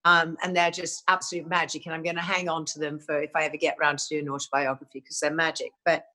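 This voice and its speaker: An older woman with an English accent speaks in a fairly low register, telling stories as an interview guest. She rambles through her memories, with many small restarts and "you know"s. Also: level tone, quick pace, bright, forceful tone. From England. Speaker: guest actress. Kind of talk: reflective interview talk.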